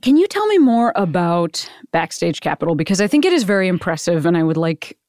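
A woman hosting a podcast, chatting casually and mock-yelling in playful asides while she is feeling unwell. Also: fairly low pitch, very animated, brisk, dry recording, clean studio sound. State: unwell and sweaty from a stomach bug. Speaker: podcast host. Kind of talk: casual chat.

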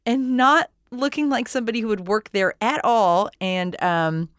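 A woman's voice: fairly high pitch, moderate pace, clean tone, no echo, clean studio sound. A woman co-hosting a movie podcast, joking and swearing freely in casual chat. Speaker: podcast co-host.

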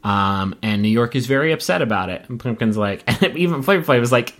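A man's voice: fairly quick, hardly any pauses. A man from Appalachia hosting a casual comedic podcast, telling stories with lots of swearing. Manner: animated storytelling, swearing, jumping up in pitch for quotes. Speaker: podcast host.

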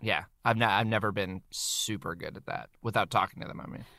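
A man who acts, chatting as a podcast guest, self-deprecating and halting with many restarts. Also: on the low side, fairly even intonation, sharp tone, no echo, studio quality. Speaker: guest, actor. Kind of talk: casual chat.

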